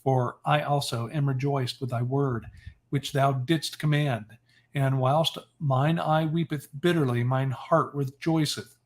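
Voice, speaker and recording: A man's voice: mid-range voice, fairly even intonation, a little slow, natural voice. A grieving old mother, read out by a man. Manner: mournful, lamenting, archaic speech. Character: grieving aged mother lamenting her son.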